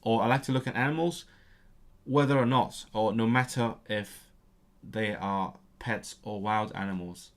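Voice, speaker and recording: Halting language learner, lowish voice. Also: male voice. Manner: halting, many restarts, searching for words; bursts of excitement about grammar. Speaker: language learner in an online lesson. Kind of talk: casual lesson chat.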